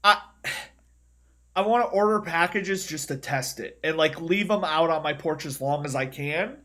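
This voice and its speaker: A man co-hosting a casual podcast chat, speaking in a halting, hesitant way. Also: on the high side, pushed and bright. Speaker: podcast co-host.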